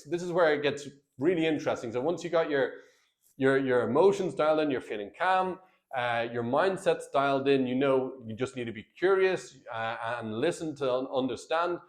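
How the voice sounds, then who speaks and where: Brief: earnest man, marriage coach talking to camera, mid-pitched voice, plain direct delivery. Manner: earnest, plain-spoken, addresses viewers as guys and brother.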